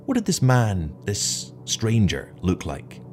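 Guy reading as a stern captain, low voice, snappy and dismissive, barking orders. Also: huge pitch swings, slow, a little mellow, soft background music, full character voice. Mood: impatient. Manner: curt, dismissive, commanding. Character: stern skeptical male spaceship captain.

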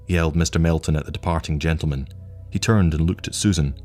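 A man narrates a story in a steady, even audiobook style. His voice sits very low, and soft music plays faintly underneath. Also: brisk.

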